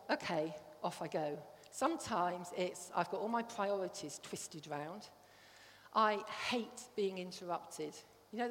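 A woman's voice: lowish voice, a little hiss or hum. A woman giving a conversational sermon to a congregation, often checking that they follow. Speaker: church speaker. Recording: long hall reverb.

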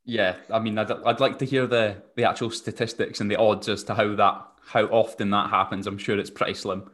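A man hosting an interview, asking relaxed, reflective questions. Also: fairly low pitch, fairly quick. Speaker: podcast host. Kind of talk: casual interview.

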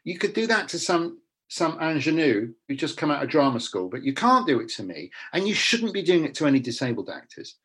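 A man's voice: fairly high pitch, very animated, fairly quick, a bit bright, slightly rough. A middle-aged man, an actor talking bluntly and animatedly in a casual interview, often restarting his sentences.

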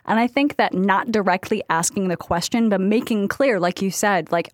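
A woman's voice: mid-range voice, normal speed, dry recording, clean studio sound. A woman co-hosting a casual advice podcast, rambling with lots of fillers and frequent laughs. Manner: chatty, rambling, many likes, laughs often. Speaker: podcast co-host.

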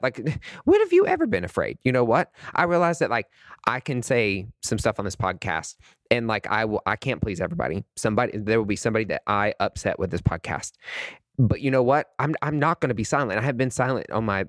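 A man's voice: lowish voice, no room sound. Fired-up man ranting on his podcast. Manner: heated, emphatic, swears often, sassy asides. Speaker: podcast host. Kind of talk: impassioned unscripted monologue.

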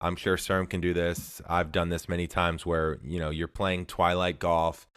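A man with a very deep voice hosts the show, asking his guest earnest, reflective questions. His voice sits close and dry, with no room sound behind it. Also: level tone, normal speed, a bit bright, clean tone, no room sound. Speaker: podcast host. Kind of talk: interview questions.

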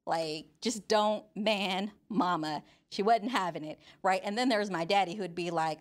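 A young woman preaches with a playful, animated delivery. She reads scripture and breaks into acted-out voices of teenagers and parents. Her voice sits at a medium pitch. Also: moderate pace, hardly any pauses. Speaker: youth minister. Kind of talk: sermon.

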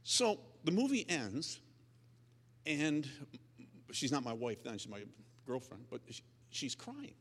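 A man's voice: mid-range voice, huge pitch swings, slow, long pauses, a bit bright, husky. A male pastor preaching in a conversational way, asking his audience questions and acting out stories. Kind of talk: sermon. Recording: long reverb of a large hall.

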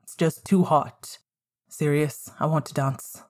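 A woman voicing a moody, feral young man who talks low, clipped and growling. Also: steady tone, slow pace, darkish tone. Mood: snappish.

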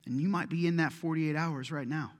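A man's voice: fairly high pitch, fairly even intonation, a little fast. A middle-aged man preaching a sermon as a pastor, conversational and impassioned, acting out prayers and complaints aloud.

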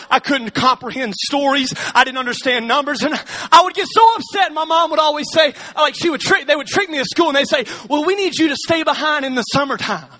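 A man from Alabama speaking on stage to a live audience, telling his story with humor, energetic and often shouting, firing quick questions at the crowd. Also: very high-pitched.

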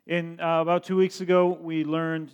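Clear-voiced man interpreting a sermon. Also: a little high, little pitch movement, darkish tone, dull audio. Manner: frequent laughter, halting restarts.

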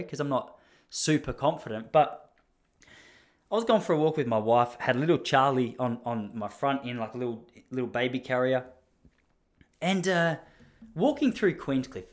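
An Australian man in his thirties, telling a casual story in a rambling, self-deprecating way with many asides. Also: mid-range voice. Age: 30s.

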